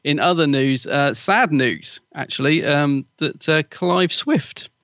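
A man's voice: on the high side, slow pace, a bit bright, no echo. Chatty man on a lo-fi mic. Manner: chatty, gossipy, laughs while talking. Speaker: podcast co-host. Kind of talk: casual chat.

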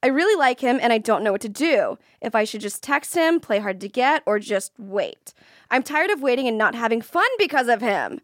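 Bubbly high-voiced woman hosting. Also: expressive, dry recording, studio quality. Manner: playful, giggly, quick reactions. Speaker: podcast host. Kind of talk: casual comedic chat.

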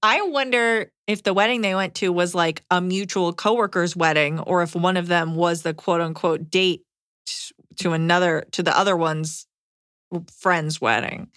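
A woman's voice: lowish voice, steady tone, normal speed, fairly bright tone, dry recording, studio quality. A woman co-hosting a podcast in casual comedic chat, laughing often and adding playful asides. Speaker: podcast co-host.

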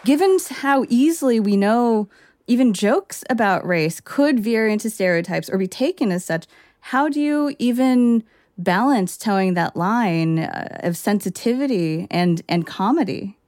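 A woman hosting a podcast, asking thoughtful, measured interview questions. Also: mid-range voice, lively intonation, darkish tone, no room sound, studio quality, some chatter behind. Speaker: podcast host.

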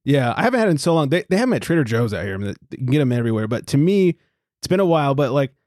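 A man co-hosting a casual podcast, telling stories in an animated way, swearing freely and laughing often. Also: mid-range voice, racing, dry recording, studio quality. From United States. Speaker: podcast co-host. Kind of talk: casual chat.

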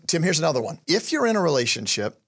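A man's voice: on the high side, big pitch swings, fast. A man co-hosting a podcast who explains ideas in casual conversation and often answers his co-host with short "yeah"s. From Colorado, USA. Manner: explanatory, affirming with frequent "yeah".

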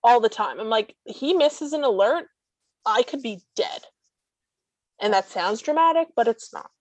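A woman's voice: a little high, expressive, darkish tone, dry recording, low-quality recording. Blunt, sarcastic woman, dry close sound. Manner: blunt, sarcastic, quick asides. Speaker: guest with a service dog. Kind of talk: casual chat.

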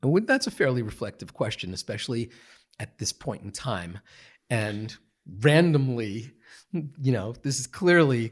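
Husky man telling a story earnestly. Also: mid-range voice, sing-song. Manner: earnest, halting, many fillers and restarts. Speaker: guest, meditation teacher. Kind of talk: reflective storytelling. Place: podcast studio.

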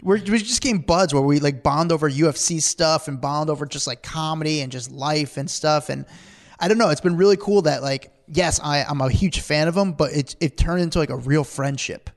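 A man on a podcast telling stories in a casual, rambling way, with many fillers along the way. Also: a little high. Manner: rapid, rambling, full of "like" fillers. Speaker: podcast guest. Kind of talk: animated storytelling in casual chat.

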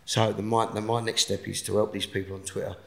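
A man speaking as a podcast guest, earnest and forceful as he talks about helping others. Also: lowish voice, little pitch movement, quick pace, creaky. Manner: earnest, forceful motivational talk. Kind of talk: casual interview chat. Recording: roomy echo.

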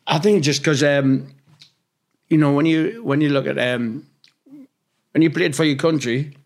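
A man's voice: a little high, unhurried. A man from England, an interview guest, telling loose anecdotes in casual chat, swearing freely and acting out what others said. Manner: rambling, swears freely, acts out quoted dialogue.

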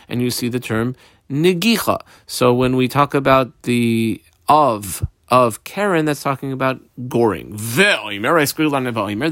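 A man's voice: mid-range voice, a bit bright, dry recording, studio quality. A man teaching a Talmud page step by step, reading Hebrew and Aramaic phrases aloud in Ashkenazi pronunciation and translating each as he goes. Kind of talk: daf yomi Talmud lesson.

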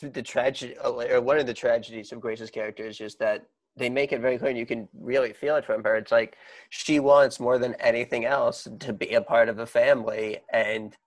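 A woman with a New York accent, co-hosting a casual movie discussion and talking in an animated way that includes swearing. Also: very deep voice, a little fast, rough recording. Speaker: podcast co-host.

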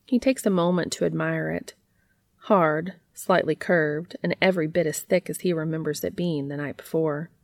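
A woman narrating a story aloud in a steady, even reading voice. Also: deep voice, moderate pace, gravelly, no room sound.

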